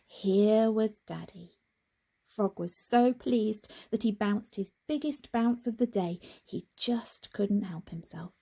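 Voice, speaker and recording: A woman reading a picture book aloud to children in a very expressive way, with gasps and hushed whispers. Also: medium pitch, slow, creaky. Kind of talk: children's storybook read-aloud.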